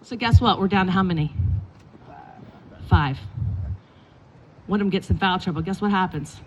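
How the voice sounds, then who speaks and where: A middle-aged woman, a basketball coach, telling lively stories in a eulogy and acting out the quotes. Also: lowish voice, moderate pace, slight background noise. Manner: animated storytelling with acted quotes. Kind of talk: eulogy with storytelling. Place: indoors at a funeral gathering.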